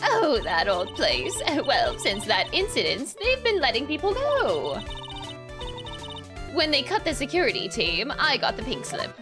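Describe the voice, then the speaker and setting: A woman voicing a shrill, nagging old woman security guard who chatters and scolds without stopping. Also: huge pitch swings, full character voice. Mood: indignant. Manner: rapid, scolding nonstop chatter. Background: game music.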